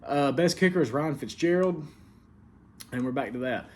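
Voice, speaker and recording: A man's voice: medium pitch, expressive, moderate pace, a little hiss or hum. Laid-back Southern-accented man recapping. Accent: American Southern. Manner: laid-back, filler-heavy, stern about rules. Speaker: league commissioner and show host. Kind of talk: casual weekly recap.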